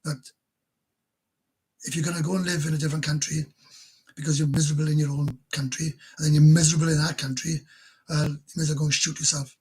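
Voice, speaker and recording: Husky Welsh man chatting on a live stream. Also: on the high side, level tone, fast talker, pauses often, darkish tone, poor audio. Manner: blunt, rambling, self-mocking. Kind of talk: casual chat reading out viewer comments.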